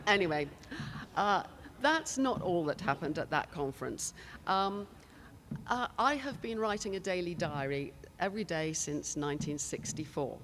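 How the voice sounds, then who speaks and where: A woman's voice: lowish voice, animated, moderate pace, crowd noise. Chatty older British woman telling stories. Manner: chatty, storytelling with laughs and asides. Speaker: conference panelist. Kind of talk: anecdotal conference talk. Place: conference hall stage. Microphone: handheld microphone.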